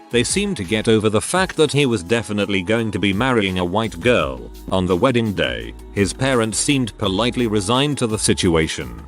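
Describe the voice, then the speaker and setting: Low-voiced man reading stories aloud. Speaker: narrator reading online posts. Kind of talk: scripted narration.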